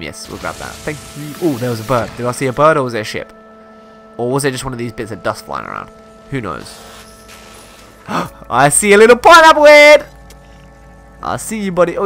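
Animated young gaming commentator. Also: male voice, mid-range voice, vocal fry. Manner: animated, exclaiming and laughing often. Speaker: gaming YouTuber. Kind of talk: excitable let's-play commentary.

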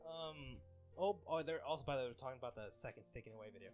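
A young man with a mid-range, darkish voice talks fast, reading fan comments aloud in a casual chat. He laughs a lot and gets flustered over names, with faint music playing behind him.

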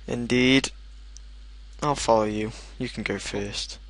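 A British man chatting casually while playing a game, easygoing and quick to laugh. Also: medium pitch, fairly even intonation, fairly bright tone. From Britain. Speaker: game player. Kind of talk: casual gameplay chat.

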